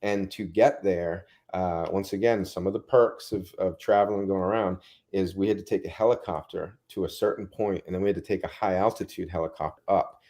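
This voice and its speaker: Guy rambling through animated stories as a guest, low mellow voice. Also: fairly quick. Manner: rambling, animated storytelling with asides. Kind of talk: casual interview chat.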